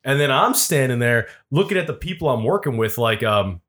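A man talks in an easy, mid-pitched voice, settling into long street anecdotes. His telling is loose and profane and drifts along at a relaxed, chatty pace. It sounds like a casual podcast between friends. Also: a little fast. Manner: profane, laid-back anecdotes. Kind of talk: casual storytelling chat.

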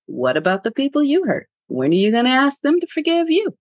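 A woman's voice: high-pitched, wildly swooping pitch, a little fast, dry recording, pitched above the performer's own voice, heavily acted. A woman voicing the skeptical little man inside her head, a male inner voice that taunts her with doubting questions. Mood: probing.

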